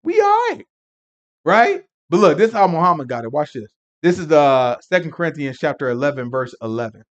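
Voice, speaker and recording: On a muffled recording, a man with a slightly high voice briskly teaches a Sabbath Bible lesson, animated and rambling, laughing often and breaking into emphatic asides.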